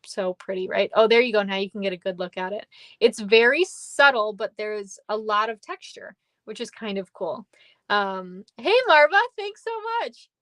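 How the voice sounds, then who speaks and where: A woman's voice: mid-range voice, lively intonation, moderate pace, a bit bright, no room sound. A woman running a live card-making tutorial, chatty and upbeat, thanking viewers by name as she works. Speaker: papercraft demonstrator. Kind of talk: live-stream craft tutorial.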